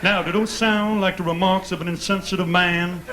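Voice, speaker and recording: A man's voice: high-pitched, fairly even intonation, normal speed, over a noisy crowd, lightly acted. A man doing a dim, boastful dead rock king. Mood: rambling boastful. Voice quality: slightly raspy. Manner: rambling, mangles names, drawling. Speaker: radio host doing an impression. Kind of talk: comedy bit on radio.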